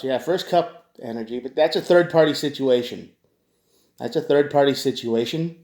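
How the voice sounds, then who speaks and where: A man's voice: medium pitch, normal speed, a little mellow, reverberant. A man giving a casual tarot reading, talking straight to his viewers with frequent restarts. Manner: conversational, addresses viewers directly, frequent restarts. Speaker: tarot reader.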